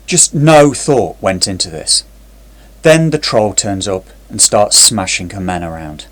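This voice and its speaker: A man's voice: on the low side, unhurried. Sarcastic man reviewing a TV series. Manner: sarcastic, critical. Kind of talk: scripted review narration.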